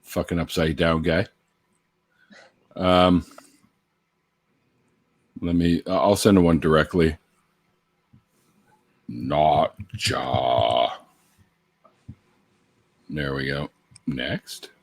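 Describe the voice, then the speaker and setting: A man's voice: extremely low pitch, steady tone, drawn-out words, pauses often. A man hosting a casual livestream, rambling, swearing and laughing as he sips beer. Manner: rambling, laughs often, swears, greets viewers in stretched sing-song calls. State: drinking beer, a bit tipsy. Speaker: livestream host.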